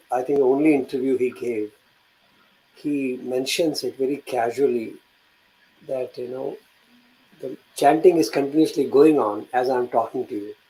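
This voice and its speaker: Mellow man explaining devotion. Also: mid-range voice, poor audio. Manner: reflective, explanatory, reads scripture aloud. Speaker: host. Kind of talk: devotional discussion talk.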